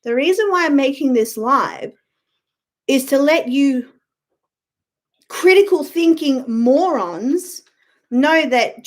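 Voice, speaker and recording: Speaking off the cuff into a webcam mic from home, a young YouTube streamer with a high voice says hello to viewers in chat by name. She comes across as blunt and annoyed, cursing freely throughout her casual delivery.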